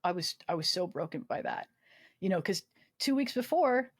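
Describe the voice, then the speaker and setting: A woman's voice: on the low side, animated, a little fast. Candid, profane woman telling her story. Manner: profane, self-mocking humor with frequent fillers. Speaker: podcast guest, army veteran.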